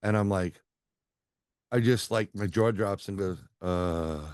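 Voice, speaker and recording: A man's voice: lowish voice, steady tone, measured pace, darkish tone, dry recording, studio quality. A middle-aged man, a psychic medium, telling a rambling story over a video call and acting out the other people's lines. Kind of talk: casual storytelling interview.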